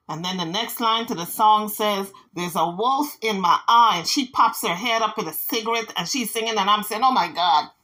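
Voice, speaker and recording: A woman's voice: mid-range voice, pushed and bright, rough recording. A woman vlogger giving casual gossip commentary, dramatic and playful, with sassy asides.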